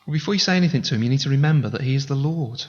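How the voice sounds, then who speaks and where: A man's voice: mid-range voice, animated, racing, darkish tone. A man preaching a sermon as pastor, speaking earnestly and conversationally and appealing directly to his congregation. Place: church sanctuary. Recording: reverberant hall, dull lo-fi sound.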